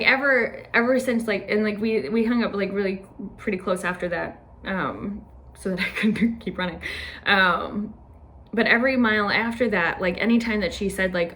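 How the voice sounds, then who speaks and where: A woman's voice: mid-range voice, fairly quick, fairly bright tone. A young woman telling a casual personal story, chatty and full of "like" fillers, laughing often. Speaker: podcast host.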